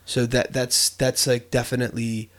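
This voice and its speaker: A man's voice: medium pitch, little pitch movement, normal speed. A young man co-hosting a podcast, talking earnestly in a casual, reflective way with lots of fillers and restarts. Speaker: podcast co-host.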